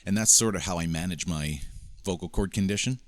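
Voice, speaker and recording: A man's voice: low voice, brisk, no room sound, soft background music. A man coaching speakers on microphone technique in a casual, step-by-step demonstration from a home studio. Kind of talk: instructional video demo. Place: home studio with mixing board. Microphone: switching between handheld microphones.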